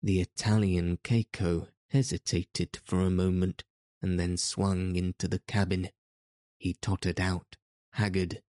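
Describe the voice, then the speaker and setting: A man narrates a story in a deep, dark, mellow voice. He reads slowly and steadily, with very little rise and fall. The sound is close and dry. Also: dry recording. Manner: measured, even storytelling. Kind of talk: audiobook narration.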